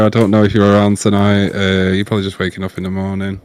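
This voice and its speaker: A low-pitched man talking casually on a gaming stream, earnest and a bit rambling, repeating himself as he searches for words. His voice is dry and close, recorded at a desk mic. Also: monotone, quick pace, darkish tone, clear, resonant tone, no echo. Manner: chatty, earnest, repeats words while thinking. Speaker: guest streamer.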